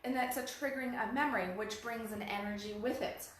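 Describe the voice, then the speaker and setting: A middle-aged woman co-hosting a casual talk about relationships, telling animated stories and acting out the people she quotes. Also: fairly high pitch, brisk. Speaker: podcast co-host. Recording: very echoey room, faint background noise.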